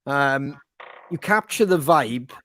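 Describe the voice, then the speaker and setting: A man in casual chat, telling animated stories with lots of swearing. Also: mid-range voice, slow. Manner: swearing, animated storytelling with impressions. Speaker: band member co-hosting podcast.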